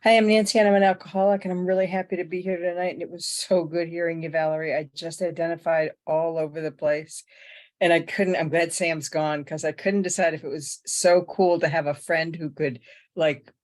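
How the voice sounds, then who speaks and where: A woman's voice: lowish voice, flat delivery, a little fast, darkish tone. Rambling candid woman sharing at a meeting. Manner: rambling, self-deprecating, candid. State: ill with pneumonia. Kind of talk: personal share at a recovery meeting.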